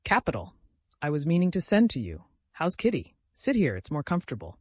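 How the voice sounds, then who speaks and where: A man voicing a gentle, modest older aristocratic gentleman in an audiobook, polite and self-deprecating. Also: fairly high pitch, wildly swooping pitch, fairly quick, husky, no echo, heavily acted. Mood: earnest.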